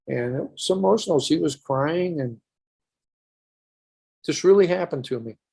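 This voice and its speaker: A man's voice: a little high, gravelly, darkish tone, husky. An older man, a podcast guest, recounting a personal story earnestly in a rambling way with restarts.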